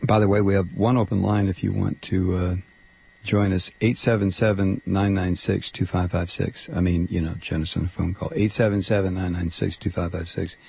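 A man's voice: sits low, flat delivery, moderate pace, vocal fry, darkish tone, slightly rough. A middle-aged man hosting a call-in radio talk show, chatty and loose, laughing along with callers.

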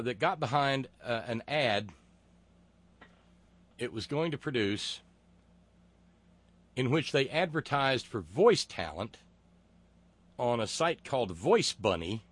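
A man hosting a political talk show, reading listener comments with sardonic, profane mockery and many halting filler words. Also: medium pitch, a bit bright.

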